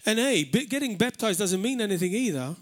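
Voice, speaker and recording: A man's voice: sits high, big pitch swings, fairly quick. A man preaching a live sermon in church, earnest and emphatic, repeating words for stress. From Malta. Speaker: pastor. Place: church hall, live service.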